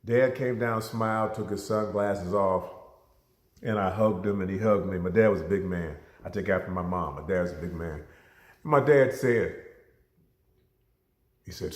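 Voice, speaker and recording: A man's voice: deep voice, measured pace, pauses often. A man telling a personal story as a motivational speaker, acting out the dialogue with big vocal jumps. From Ohio, USA. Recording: roomy echo.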